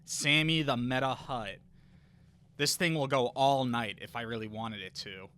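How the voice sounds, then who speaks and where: A man's voice: mid-range voice, measured pace, pushed and bright, smooth. A young man hosting a podcast in a rambling, boastful casual chat, often laughing between thoughts. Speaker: podcast host.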